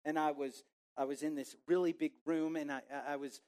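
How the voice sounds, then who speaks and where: A man in his forties from Texas, preaching a sermon through a lively personal story and acting out his own inner voice. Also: on the high side, brisk. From Texas, USA. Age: 40s.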